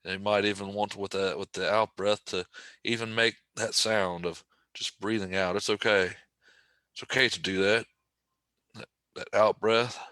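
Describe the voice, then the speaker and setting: A man leading a guided breathing meditation, speaking slowly and gently with casual asides to the listener. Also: fairly low pitch, dry recording. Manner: slow, gentle, calm guidance with casual asides.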